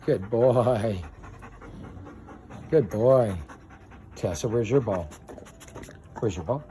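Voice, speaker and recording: Slow, coaxing man talking to dogs. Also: on the low side, warm tone. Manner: coaxing, playful pet talk. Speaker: dog owner. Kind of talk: casual talk to dogs while playing fetch. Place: backyard, outdoors.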